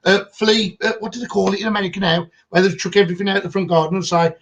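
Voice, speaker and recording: A man's voice: high voice, steady tone, quick pace, fairly bright tone, dull audio. A man with a Black Country accent, from Birmingham, co-hosting a casual live stream and chatting through anecdotes. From Birmingham, England. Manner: chatty, tells anecdotes with quoted voices. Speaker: co-host of a history live stream.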